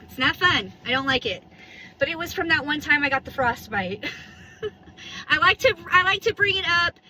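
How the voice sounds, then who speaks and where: A woman's voice: sits high, sharp tone, a little hiss or hum, poor audio. A woman in her thirties chatting casually and rambling while she vlogs from her car on a phone camera. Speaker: vlogger. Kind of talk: casual driving vlog chat. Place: in a parked car.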